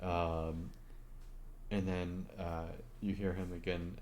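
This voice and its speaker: A man narrating as game master of a tabletop game, halting with many fillers. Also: low voice, little pitch movement, a little mellow, slight background noise.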